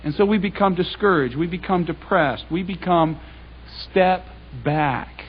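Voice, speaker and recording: A man's voice: high voice, unhurried, husky, highs cut off. A man giving a public Bible talk, telling stories in a casual, conversational way and acting out the dialogue. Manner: conversational, anecdotal, acts out dialogue. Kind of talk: storytelling sermon.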